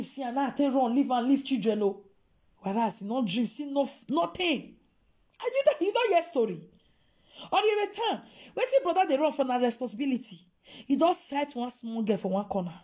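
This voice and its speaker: Nigerian woman vlogger, high voice, emphatic scolding rant. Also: a little mellow. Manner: emphatic, scolding, mixing Pidgin with local-language phrases. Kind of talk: impassioned monologue to viewers.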